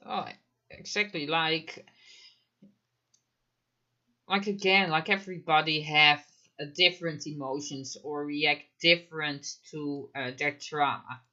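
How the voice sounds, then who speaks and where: A man's voice: fairly high pitch, fairly even intonation, slow pace, pauses often, pushed and bright, highs cut off. A man commenting live in a casual chat, emphatic, firing off rhetorical questions and frequent fillers. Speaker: mental health commentator.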